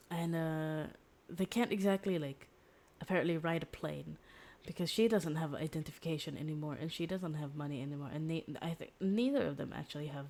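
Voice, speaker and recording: A woman's voice: sits low, normal speed, darkish tone. A woman streamer casually retelling a story in a rambling way, with lots of fillers and restarts. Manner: rambling, filler-heavy, self-correcting.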